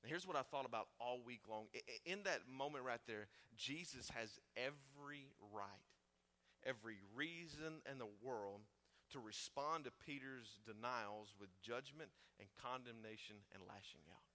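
A man preaching to a church congregation with a bright, forceful voice. He talks in a conversational way, rising to loud emphasis and dropping to hushed tones. His pitch sits in the middle range for a man. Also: moderate pace. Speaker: pastor. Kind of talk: sermon.

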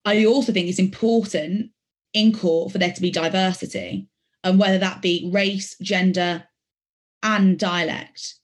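A woman's voice: medium pitch, steady tone, measured pace. A woman in her late twenties from Birmingham, with a faint Birmingham accent, giving earnest, reflective interview answers as a barrister and sometimes correcting herself mid-sentence. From Birmingham, England. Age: late 20s. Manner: earnest, reflective, with some self-correcting restarts. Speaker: barrister, podcast guest.

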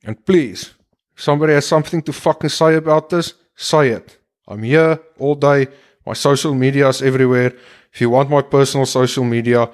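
A man's voice: medium pitch, a little mellow. A man delivering an impassioned, blunt and heavily profane monologue as a podcast host.

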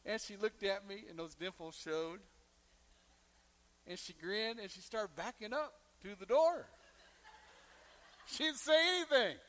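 A man preaching a sermon, telling a personal story and acting out the quoted lines with big swings in loudness. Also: high voice, expressive, measured pace, long pauses. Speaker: pastor.

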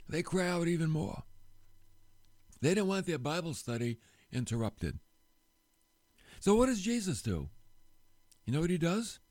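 A man giving a casual sermon, telling a Bible story with rhetorical questions and quick voiced asides. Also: mid-range voice, very animated, a little mellow, no echo. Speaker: preacher.

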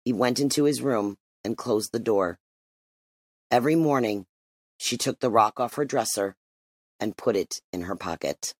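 A man reading a dark short story aloud as narrator, in steady, measured storytelling. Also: on the low side, dry recording. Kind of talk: audiobook narration.

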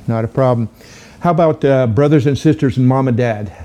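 A man hosting a podcast who interviews a guest in a formal, measured way. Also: medium pitch, dark tone, a little hiss or hum. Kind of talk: scripted interview.

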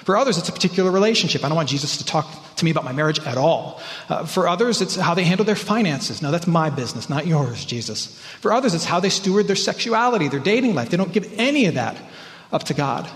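A man preaching a sermon as pastor, earnest and emphatic, sometimes rising in pitch and sometimes dropping to a hush. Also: animated, quick pace. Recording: church hall reverb.

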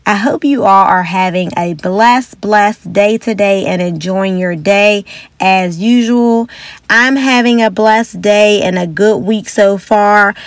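A young woman hosting a motivational podcast in a casual, chatty and upbeat way, now and then acting out quotes in a higher voice. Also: slow, dry recording. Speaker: podcast host.

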